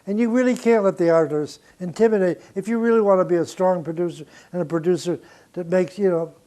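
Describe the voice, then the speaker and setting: A man's voice: high-pitched, fast, warm tone. An older man, a record producer, recounting studio anecdotes in an interview, blunt and profane and laughing between stories.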